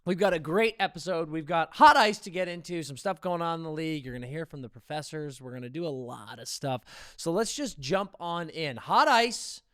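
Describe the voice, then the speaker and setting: A man's voice: on the high side, clear, resonant tone, no echo, clean studio sound. A man hosting a sports podcast, teasing his co-host and running through stats in casual banter. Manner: lively, teasing, quick delivery of stats.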